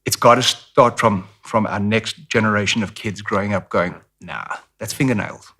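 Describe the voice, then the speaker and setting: A man's voice: lowish voice, steady tone, moderate pace, sharp tone, a little hiss or hum. A middle-aged man with a South African accent, candidly telling stories as an interview guest. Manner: candid, storytelling, acts out voices of others. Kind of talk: casual interview talk.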